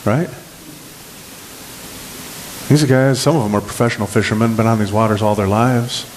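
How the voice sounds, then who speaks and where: A man preaching a sermon as pastor, animated and lively, acting out the scripture scenes as he goes. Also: fairly low pitch, normal speed, a little hiss or hum, low-quality recording.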